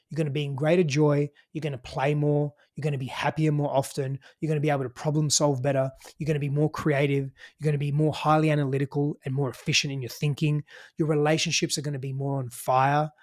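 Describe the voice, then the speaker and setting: A man with an Australian accent, speaking in a slightly higher register than most men. He talks as a podcast guest, casual and emphatic, swearing freely and peppering his points with "you know" and "right?". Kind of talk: casual conversational advice.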